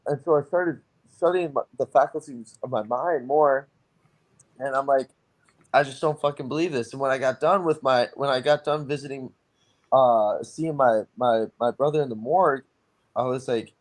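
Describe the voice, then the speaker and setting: A man's voice: mid-range voice, moderate pace. Young man telling a raw personal story. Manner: casual and profane, many repeats and filler words; acts out quoted dialogue. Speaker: fighter being interviewed. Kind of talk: candid interview storytelling.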